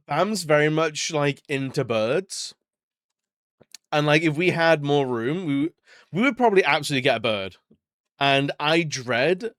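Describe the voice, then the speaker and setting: During a casual live stream while gaming, a man with a voice on the high side chats, rambles, and laughs often between remarks. The recording is dry, with clean studio sound.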